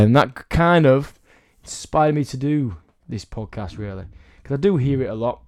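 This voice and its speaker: A man's voice: mid-range voice, expressive, normal speed, no echo, clean studio sound. A man with a cold hosting a casual solo podcast as a fitness coach, rambling and self-deprecating. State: has a cold, under the weather.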